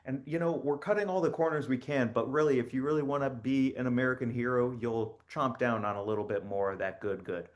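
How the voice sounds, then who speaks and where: A man playing a chipper, rambling spokesman for a spy agency in a satirical comedy monologue, offhand and deadpan with many fillers. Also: mid-range voice, fairly quick, few pauses, highs cut off, close to an everyday voice. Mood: cheerfully deadpan.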